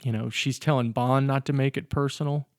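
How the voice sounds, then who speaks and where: A man co-hosts a laid-back podcast about films, joking through the plot while rambling and correcting himself. His medium-pitched voice is fairly even and fairly quick, captured in studio quality with no room sound.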